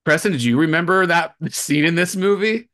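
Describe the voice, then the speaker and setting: A man's voice: a little high, normal speed, fairly bright tone. A man co-hosting a movie podcast, chatting casually and rambling with lots of fillers and restarts. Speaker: podcast co-host.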